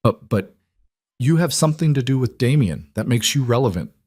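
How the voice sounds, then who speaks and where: A man voicing a cold, threatening mobster with a smooth, falsely friendly manner in an audiobook reading. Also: medium pitch, animated, fairly quick, darkish tone, no echo, studio quality, pitched above the performer's own voice, close to an everyday voice. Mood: menacing.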